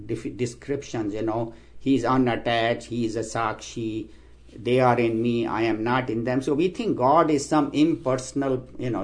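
A man giving a spiritual talk, explaining scripture terms and telling stories, acting out the quoted voices with raised pitch. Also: darkish tone. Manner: storytelling, acts out quoted voices with rising pitch. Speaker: spiritual teacher. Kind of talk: sermon with stories and jokes.

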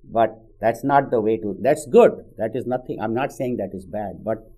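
A man voicing God as a patient male speaker gently correcting a devotee. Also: lowish voice, normal speed, natural voice.

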